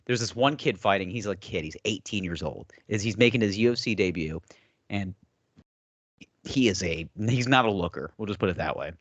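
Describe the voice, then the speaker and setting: A man's voice: low voice, lively intonation, normal speed, no room sound. A young man co-hosting a podcast, telling rambling stories and acting out what people said. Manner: rambling storyteller, acts out quotes. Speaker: podcast co-host. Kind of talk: casual chat.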